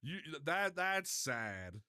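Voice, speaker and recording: A man hosting a casual livestream, talking in an animated, profane way with frequent stumbling restarts. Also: fairly high pitch, drawn-out words, clear, resonant tone. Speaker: livestream host.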